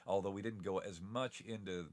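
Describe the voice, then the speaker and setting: As a guest in a casual interview, a middle-aged TV announcer from Southern Ohio chats in a relaxed, rambling way, telling stories punctuated by chuckles. He has a faint Appalachian accent and a deep, gravelly voice that's slightly congested, at a moderate pace.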